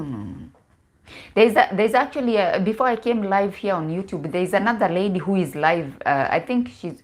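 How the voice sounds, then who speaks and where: A woman, a relationship coach talking casually on a livestream, mixing in Swahili words and repeating herself as she goes. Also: fairly low pitch. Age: 40s.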